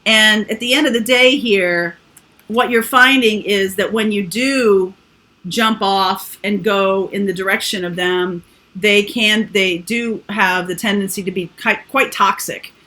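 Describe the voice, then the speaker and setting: Bright-voiced woman giving a tarot reading. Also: mid-range voice, unhurried. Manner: chatty, rambling, with frequent fillers. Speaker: tarot reader.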